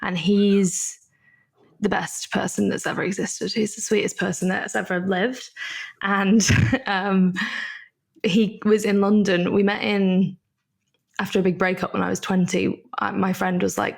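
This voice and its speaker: A woman in her early thirties with a gravelly edge to her voice. She speaks as a guest in a relaxed podcast interview. Her storytelling is chatty and comes in quick bursts. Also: mid-range voice. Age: 30s. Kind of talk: casual interview chat.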